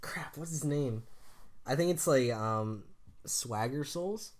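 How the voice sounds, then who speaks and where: A young man in relaxed podcast chat. He laughs often and drops quick, chatty asides. His pitch is middle of the range. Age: young adult. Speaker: podcast co-host. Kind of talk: casual chat.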